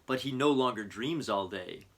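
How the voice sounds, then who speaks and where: A man, a teacher, reading a children's picture book aloud to his students in an expressive storytelling voice. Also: mid-range voice, normal speed.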